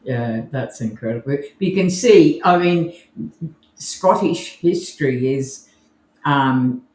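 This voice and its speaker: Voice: medium pitch, slow pace, darkish tone. Chatty Australian podcast co-host, roomy sound. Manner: chatty, enthusiastic, laughs easily. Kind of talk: casual live podcast chat. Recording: roomy echo.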